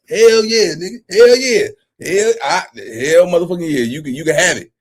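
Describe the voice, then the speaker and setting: A man's voice: sits high, expressive, normal speed, breathy edge. A man in his forties hosting a casual reaction commentary, profane and laughing often. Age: 40s. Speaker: commentary channel host.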